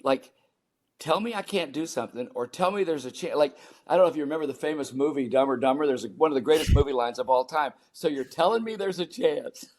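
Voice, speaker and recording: An older man from the United States, a performance coach, telling lively stories in an interview and acting out his own reactions. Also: medium pitch, quick pace. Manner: animated storyteller, acts out his own panicked voice. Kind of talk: storytelling interview talk.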